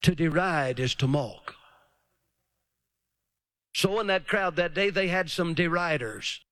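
A man's voice: fairly high pitch, a bit bright, no echo. A man preaching a revival sermon, emphatic and calling for amens. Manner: emphatic, drawn-out pauses, calls for amens.

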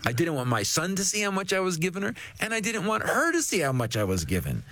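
A man, a guest author on a faith talk show, telling a story in an animated way. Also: high-pitched, quick pace, dry recording.

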